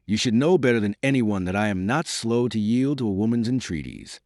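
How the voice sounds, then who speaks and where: A male reader voicing a courteous, shrewd young baron who speaks in a measured, formal way. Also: fairly low pitch, expressive, a little mellow, no room sound, studio quality. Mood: courtly.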